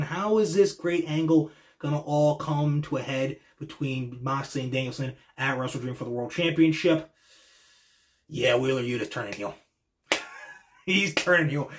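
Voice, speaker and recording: A young man hosts a casual wrestling reaction show, talking in a fairly high voice. He is excitable and slangy, and he swears freely. He breaks into high, pleading impressions of the wrestlers.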